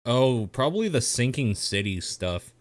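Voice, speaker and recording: A man's voice: medium pitch, sing-song, measured pace, no echo. A man co-hosting a podcast in a laid-back way, swearing casually as he talks. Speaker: podcast co-host.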